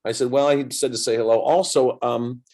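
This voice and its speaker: A man in his sixties, a seasoned entertainer, recounts a story in relaxed conversational talk. He jumps between narration and lively quoted dialogue, giving the other people in the story their own voices. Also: mid-range voice, a little fast. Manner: animated storyteller acting out both sides of conversations. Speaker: guest entertainer. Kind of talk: casual anecdote telling.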